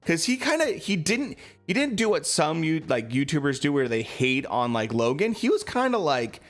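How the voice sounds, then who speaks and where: A man's voice: a little high, normal speed, a bit bright. A man streaming live, chatting casually about boxing and answering his viewers, with lots of fillers.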